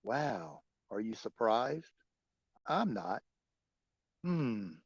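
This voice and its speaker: Gravelly man rambling on a livestream. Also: fairly low pitch, sing-song, extremely slow, no room sound, lo-fi sound. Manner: profane, rambling, chuckling often. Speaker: livestream host. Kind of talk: casual livestream chat answering viewers.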